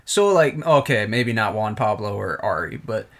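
A man co-hosting a casual chat recap of a reality TV show, animated and laughing often. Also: lowish voice, normal speed. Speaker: podcast co-host.

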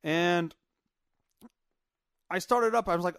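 A man with a fairly high voice rambles through a casual solo podcast from his basement, swearing freely and stumbling over fillers. The sound is dry and close, with almost no room echo. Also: lively intonation, normal speed, fairly bright tone. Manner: rambling, profane, frequent filler words. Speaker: podcast host. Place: home basement.

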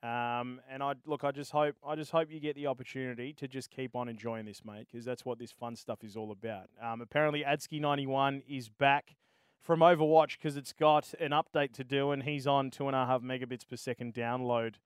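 Boisterous Australian man, smooth dry voice. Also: mid-range voice, little pitch movement, a little fast, no echo. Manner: boisterous, matey, full of slang. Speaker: stream host. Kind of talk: casual live-stream chat.

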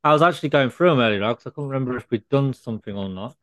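Smooth-voiced man, mock ranting. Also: medium pitch, very fast. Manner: mock-scolding deadpan rant. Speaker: podcast co-host. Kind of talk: casual comedy podcast chat.

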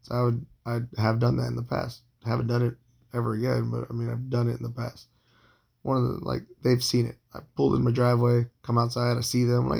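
Gravelly, husky man in his thirties rambling. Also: medium pitch, completely flat delivery, fast, darkish tone. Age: 30s. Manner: profane, rambling, with frequent fillers and restarts. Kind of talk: casual storytelling monologue.

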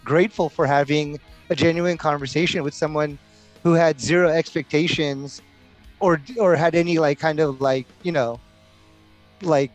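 A middle-aged man drifts through a story in an easygoing podcast chat, his voice sitting a little high for a man. He rambles and fills every pause with "like" and "you know". Faint music runs underneath. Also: steady tone. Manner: laid-back, rambling, heavy use of "like" and "you know". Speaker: podcast host.

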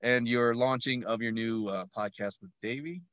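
A man's voice: medium pitch, normal speed, a bit bright, no echo. A man who is a guest on a podcast, chatting casually, self-deprecating and laughing a lot.

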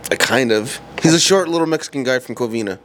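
A man's voice: mid-range voice, fast, a bit bright, slight background noise. A man casually telling crude stories to friends, often stammering and giggling as he goes.

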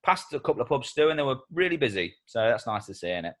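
A man's voice: medium pitch, sing-song, fast talker. A young Englishman hosting a casual comedy podcast, teasing and giggly. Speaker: podcast host. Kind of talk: casual chat.

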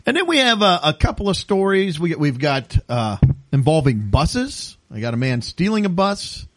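A man's voice: fairly high pitch, normal speed, dry recording. A man hosting a podcast, telling stories in casual chat and laughing often. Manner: laughs often, animated storytelling. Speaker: podcast host.

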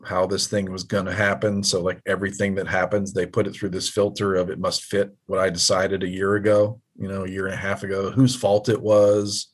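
Husky laid-back man in casual chat. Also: low voice, level tone, a little fast, hardly any pauses. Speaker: podcast co-host.

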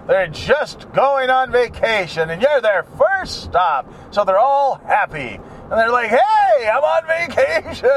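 A man's voice: high voice, a bit bright, slight background noise. A middle-aged man chatting casually while driving, rambling from topic to topic and grumbling at other drivers. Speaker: vlogger. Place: in a car.

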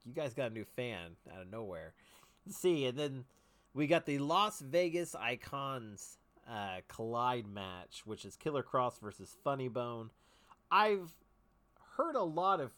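A male podcast host in loose, casual conversation. He rambles along with eager enthusiasm and plenty of slang, in a voice of ordinary middle pitch. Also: fairly bright tone.

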